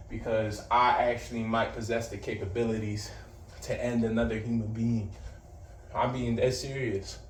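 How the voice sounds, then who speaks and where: A man's voice: mid-range voice, far from the mic. A man vlogging straight to the camera in blunt, slangy talk peppered with swearing and brags, sounding a little out of breath. He is some way from the mic, so his voice carries the echo of the room, and a faint hiss of noise runs underneath. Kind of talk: casual direct-to-camera vlog talk.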